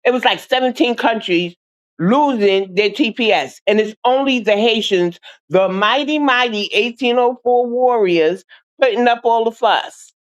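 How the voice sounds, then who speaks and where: A woman's voice: on the high side, unhurried. Woman streamer host, blunt and fed up, talking to her viewers, dull lo-fi audio. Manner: blunt, exasperated, addresses viewers as y'all. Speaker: online show host. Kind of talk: casual livestream commentary.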